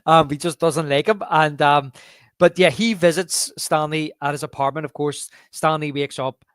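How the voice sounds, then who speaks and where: A man's voice: fairly high pitch, moderate pace, a bit bright, clear, resonant tone, no echo, studio quality. A man co-hosting a podcast, chatting casually and animatedly, often acting out lines and laughing. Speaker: podcast co-host. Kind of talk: casual film chat.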